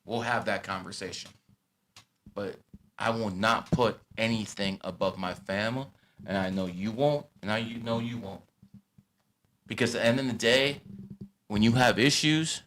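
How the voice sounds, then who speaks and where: A man in his thirties hosting a casual chat, blunt and profane, swinging from loud rants to low asides. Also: moderate pace, pauses often, slight background noise. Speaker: podcast host.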